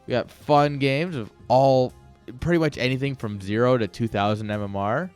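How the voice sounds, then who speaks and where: A man's voice: mid-range voice, moderate pace, a little mellow, clear, resonant tone, soft background music. Rambling, jokey male game caster. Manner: rambling, ranting, jokey, chats with viewers. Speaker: esports caster and streamer. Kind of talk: casual live game commentary.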